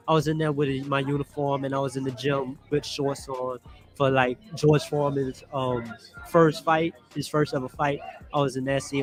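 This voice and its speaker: A young man in his twenties answers interview questions at a live fair, rambling through long, meandering stories. His voice sits in an ordinary middle pitch. Faint music drifts in the background. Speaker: interview guest, actor. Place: live at a church health fair.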